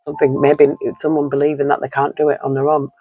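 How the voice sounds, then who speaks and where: A man's voice: on the high side, completely flat delivery, quick pace, mellow, dry recording, dull audio, faint music behind. A man giving an earnest, encouraging tarot card reading, rambling and repeating himself often. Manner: rambling and repetitive, leaning on "you know". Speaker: tarot reader.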